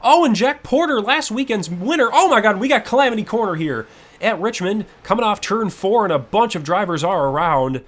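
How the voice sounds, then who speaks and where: A young man giving play-by-play commentary on a sim racing league, his voice leaping high and loud whenever a crash happens. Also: animated, a little fast. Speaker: race commentator.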